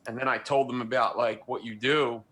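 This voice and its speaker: A man hosting a casual livestream chat, relaxed and rambling, who agrees along with his guests. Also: medium pitch, brisk. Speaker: host.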